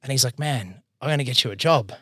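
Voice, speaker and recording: An Australian man in his thirties, an accountant and business owner, telling his career story in a casual, animated way, acting out the voices he quotes. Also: medium pitch, fast talker, breathy edge, dry recording, clean studio sound.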